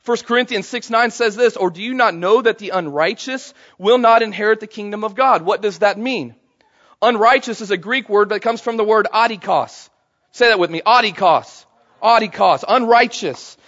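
A pastor with a high-pitched, slightly bright voice preaches at a normal speed, the audio sounding dull. Speaking to a congregation at a church service, he keeps it conversational and calls for responses from the room.

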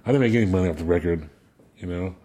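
Husky man telling lively stories. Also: low-pitched, very fast. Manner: animated storyteller, laughs a lot, repeats words. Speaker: guest musician. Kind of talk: casual storytelling chat.

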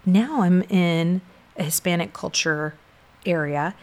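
Low, gravelly middle-aged woman storyteller. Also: takes it slowly. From South Texas, USA. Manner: animated storytelling with many fillers. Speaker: guest sharing her story. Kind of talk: casual conversation.

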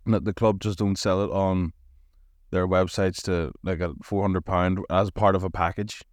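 A man's voice: low voice, little pitch movement, normal speed, no echo, clean studio sound. A man, co-hosting a podcast, asking probing questions and making his own points. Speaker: podcast co-host. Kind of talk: casual chat.

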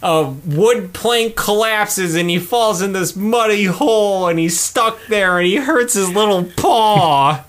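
A man with a slightly higher voice talks through a movie's plot in a loose, joking way. He swears freely, laughs often, and slips into quick voices to act out what the characters say. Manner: swearing, laughing, animated retelling with quoted lines. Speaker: podcast co-host. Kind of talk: casual movie recap chat.

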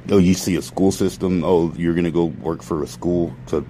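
A man's voice: low voice, steady tone, normal speed, warm tone, slight background noise, rough recording. A man ranting in a profane, rambling monologue to his followers, often stopping to correct himself. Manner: profane, ranting, self-interrupting. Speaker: vlogger.

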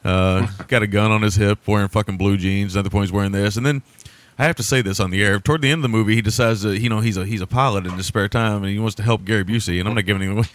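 A man's voice: lowish voice, steady tone, rapid-fire. A man hosting a podcast, chatting casually about movies in a rambling, profane way and laughing often. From America. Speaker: podcast host.

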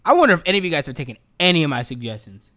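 A young man rambles through a comedic podcast monologue, loose and slangy with plenty of swearing. His voice sits high and swoops up and down with energy. The tone is bright and forward. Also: very fast. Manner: animated, joking, slangy and profane. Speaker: podcast host.

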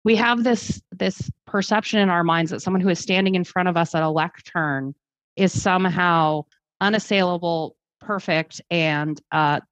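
Appearing as a guest on a conversational podcast interview, a woman who lives in Germany speaks at normal speed in a lowish voice. She's articulate and reflective, pausing to rephrase and using fillers as she thinks. The audio is dry and slightly dull, with no echo or room ambience.

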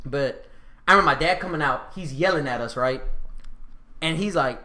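A man from Houston telling profane, animated stories on a casual chat show, often laughing. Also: on the high side, brisk, roomy sound. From Houston, Texas.

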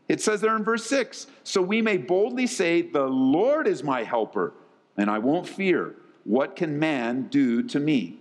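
A man preaching a sermon, emphatic and direct, repeating key phrases to his congregation. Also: high voice. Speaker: pastor. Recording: long hall reverb.

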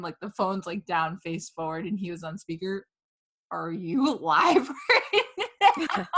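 A woman's voice: mid-range voice, fairly bright tone. A woman hosting a casual chat show, telling a story dramatically with plenty of swearing and laughter. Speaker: podcast host.

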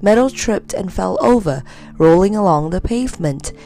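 Gravelly woman reading a children's story. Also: medium pitch, moderate pace. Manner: lively, expressive storybook reading.

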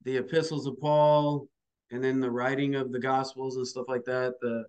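A man's voice: mid-range voice, little pitch movement, normal speed, darkish tone, smooth. A man hosting an interview, speaking hesitantly with many fillers as he responds. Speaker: interviewer, podcast host. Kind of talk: conversational interview.

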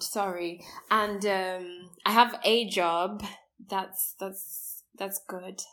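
A woman's voice: medium pitch, fairly even intonation, drawn-out words, a bit bright. A woman in her late twenties co-hosting a podcast, playful and teasing in casual chat. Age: 20s. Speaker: podcast co-host.

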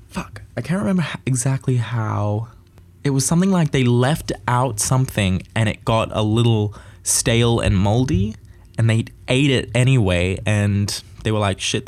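A man's voice: mid-range voice, a little mellow. A young man hosting a casual solo podcast, rambling, swearing freely and joking at his own expense. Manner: rambling, profane, jokey. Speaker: podcast host.

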